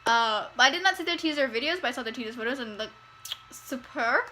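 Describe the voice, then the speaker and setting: This young woman's music video reaction is full of gushing, squeals and laughter as she watches. Her high voice is animated, a little fast, bright and forceful, captured on poor audio with slight background noise. Music from the video plays faintly.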